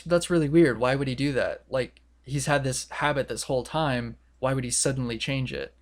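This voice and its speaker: Young male podcast co-host, mid-pitched, casual and rambling, acts out quotes. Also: a bit bright. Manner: rambling, filler-heavy retelling with quoted voices.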